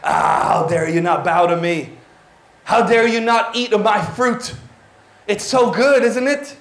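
A man's voice: sits high, measured pace, gravelly, reverberant. A man voicing a proud, angry ancient king who exclaims in disbelief. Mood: taunting.

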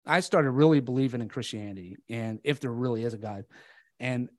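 A man's voice: mid-range voice, brisk, darkish tone, dry recording, studio quality. A man guesting on a podcast, telling his story in a candid, earnest way and acting out the dialogue. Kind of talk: casual storytelling conversation.

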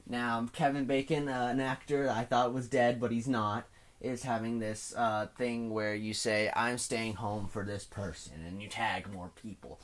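A teenage man hosting a solo podcast from home, rambling and self-mocking, his voice swinging between loud bursts and mumbles. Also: mid-range voice, fairly even intonation, measured pace. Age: teens. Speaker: podcast host. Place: at home indoors.

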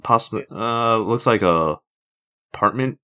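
A man's voice: lowish voice, measured pace, pushed and bright, clear, resonant tone. A man co-hosting a casual chat with a wry, joking manner.

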